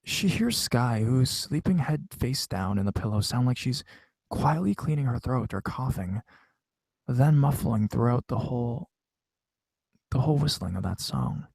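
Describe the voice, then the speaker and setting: A man's voice: medium pitch, lively intonation, unhurried, vocal fry, a little mellow, husky, no echo. A man in a mid-range voice reads viewer horror stories in a loose, conversational way, dropping swear words as he goes. The recording is close and dry, with no room sound. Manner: casual, profane, conversational. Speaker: horror story narrator. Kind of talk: reading viewer-submitted scary stories.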